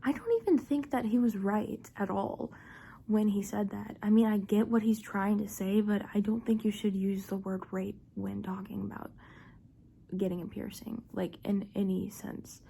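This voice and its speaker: A woman's voice: medium pitch, normal speed, vocal fry, mellow, slight background noise. A young woman casually telling a personal story, chatty and full of "like", often dropping to a half-whisper. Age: young adult. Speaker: vlogger.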